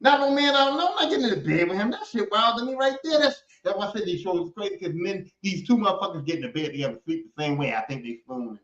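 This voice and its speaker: A man hosting a podcast, ranting casually and profanely in an animated way, and slipping into other voices to act out people he quotes. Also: high voice, fast, few pauses. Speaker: podcast host. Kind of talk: casual comedic rant. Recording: echoey room, dull lo-fi sound.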